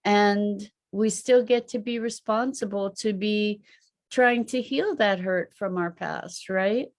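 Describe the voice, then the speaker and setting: A woman's voice: mid-range voice, takes it slowly. A woman hosting a reflective live online talk, musing aloud and posing rhetorical questions. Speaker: host and teacher.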